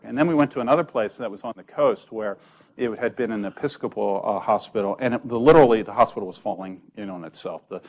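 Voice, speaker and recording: A middle-aged man, a physician giving a conversational lecture full of stories, telling them in an animated way and acting out the quotes. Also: on the low side, highs cut off. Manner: animated storyteller, acts out quotes.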